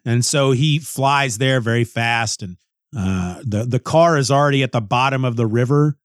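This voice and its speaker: A man's voice: mid-range voice, moderate pace, no echo, clean studio sound. A man reviewing a comic book in a casual, rambling way, often restarting and musing aloud.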